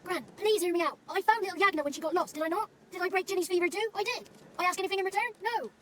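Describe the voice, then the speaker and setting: A woman's voice: very high-pitched, rapid-fire, fairly bright tone, slight background noise. A woman voicing a small, impish male forest spirit in a video game, chatty, crude and theatrical, savouring silly words. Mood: coaxing. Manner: playful, theatrical, relishing tongue-twisters.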